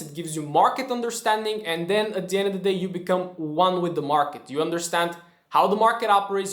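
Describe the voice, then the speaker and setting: A man's voice: high voice, a bit bright. A man teaching traders in an emphatic motivational talk, often checking in with "right?". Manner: emphatic, keeps asking "right?". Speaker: trading educator. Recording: roomy echo.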